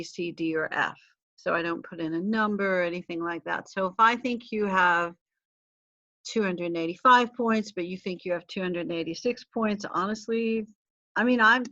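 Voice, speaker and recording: A woman's voice: medium pitch, a bit bright. Chatty woman teaching an online class. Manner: chatty, laughs at herself, sneezes and coughs. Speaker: college teacher. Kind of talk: casual online class lecture. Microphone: video call. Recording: slightly dull video call audio.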